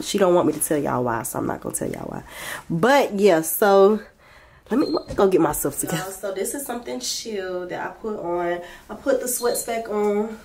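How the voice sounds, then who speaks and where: A woman's voice: fairly low pitch, a little mellow. A young woman, a mother, chatting casually to her viewers in a home vlog while sick and achy, calling them "y'all" at every turn. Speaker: lifestyle vlogger and mother. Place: at home, in a bedroom.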